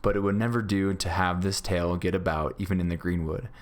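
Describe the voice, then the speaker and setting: A confident outlaw chief from an old storybook who teases his men with a wry manner, as a man reads him aloud. The voice is low and relaxed. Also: fairly quick, natural voice. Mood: amused. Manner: wry, teasing. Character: Robin Hood, confident male outlaw leader, wry and teasing.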